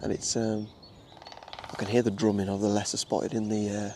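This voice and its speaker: A young wildlife photographer from the English Midlands chats casually while filming on a walk through a nature reserve, with frequent fillers and restarts. His voice is on the low side and warm, level in tone at a moderate pace. There's a little hiss or hum.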